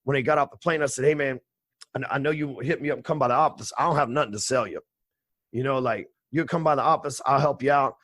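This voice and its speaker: Fast-talking brash man in his forties. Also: medium pitch, fairly bright tone, no echo. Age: 40s. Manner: brash, profane, streetwise bragging. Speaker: podcast guest, sales trainer. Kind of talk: casual storytelling interview.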